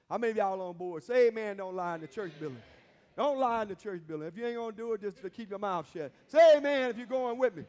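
A man preaching a sermon as pastor, with emphatic call-and-response and repeated phrases, recorded in a church sanctuary. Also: high voice. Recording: long reverb of a church hall.

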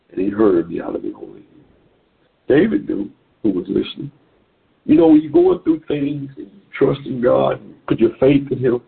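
Husky preacher on a phone line. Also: male voice, medium pitch. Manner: repetitive, exhorting preaching cadence. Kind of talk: sermon on a phone call. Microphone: phone call.

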